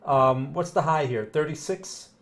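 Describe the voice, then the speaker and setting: A man's voice: a little high, measured pace, a bit bright. A man hosting a live chart analysis stream, talking casually and rambling, checking in with "right?" and greeting viewers. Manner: casual, rambling, with frequent tag questions. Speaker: market analyst host.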